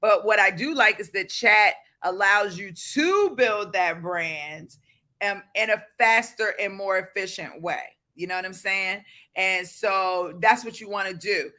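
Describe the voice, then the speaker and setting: A man with a Baltimore accent hosting a motivational livestream, reading viewer comments aloud and breaking into fervent shouts. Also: high voice, measured pace. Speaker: livestream host.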